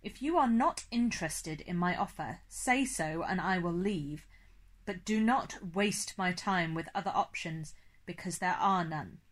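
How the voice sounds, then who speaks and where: A woman narrating an audiobook voices an old male vampire who is formal and commanding, speaking stiffly and precisely without contractions, in an impatient mood. Her own voice is on the low side, animated and a little slow.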